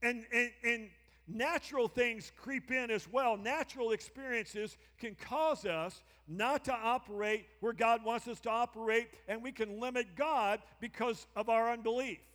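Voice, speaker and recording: A man's voice: very high voice, unhurried, fairly bright tone, in a large hall. A male pastor preaching a sermon, emphatic and repetitive, often prompting the congregation to answer. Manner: emphatic preaching with repeated call-and-response prompts. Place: church sanctuary.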